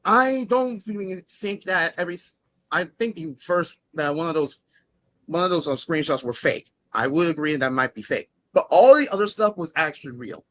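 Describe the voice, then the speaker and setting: An angry man with a bright, sharp voice argues as a guest. He swears often and keeps repeating the same lines as he shouts down the other side. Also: on the high side, expressive, moderate pace. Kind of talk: heated argument.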